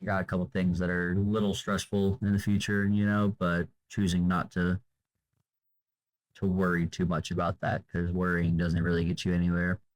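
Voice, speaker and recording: Poor audio captures a young man's low, level voice as he talks at a moderate pace. It's an off-the-cuff vlog monologue, tired and drained, loose and wandering, full of fillers and unfinished thoughts.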